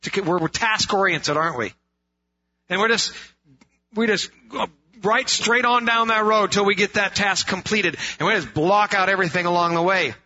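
A man's voice: high voice, moderate pace, sharp tone. A man preaching a sermon in an earnest way, asking rhetorical questions and repeating phrases for emphasis. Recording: dull lo-fi sound.

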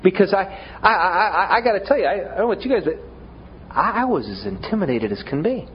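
A man's voice: high voice, big pitch swings, quick pace, muffled recording, a little hiss or hum. A man preaching a sermon in a conversational way, often stumbling over repeated words, with self-deprecating humor.

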